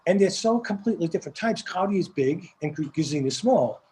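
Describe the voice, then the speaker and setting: An older film director with a Staten Island accent tells his stories in a husky, slightly high voice. He rambles and restarts, repeating words as the anecdotes pick up. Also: animated, fairly quick, dark tone, poor audio. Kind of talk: casual storytelling interview.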